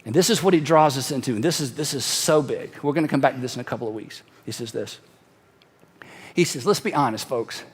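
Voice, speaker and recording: A middle-aged man preaching a sermon in a conversational, animated way, sometimes dropping to a hush for emphasis. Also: medium pitch, brisk, slightly rough, long reverb tail. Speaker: pastor.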